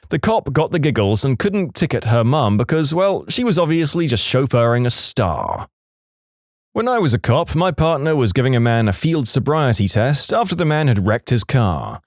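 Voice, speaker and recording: A man narrating a series of short storytime anecdotes, switching into quick put-on voices for the people he quotes. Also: medium pitch, sing-song, no room sound, studio quality. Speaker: narrator reading stories.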